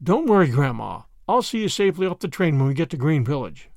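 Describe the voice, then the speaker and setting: Quiet polite stranger, read by a man. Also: fairly high pitch, big pitch swings, quick pace, no echo, studio quality. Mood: calm. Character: calm, courteous mysterious male stranger.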